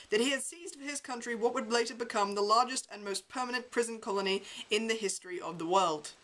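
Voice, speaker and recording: A woman's voice: medium pitch, fairly bright tone, low-quality recording. A woman reading a memoir aloud as an amateur reader, with a wry, sardonic delivery.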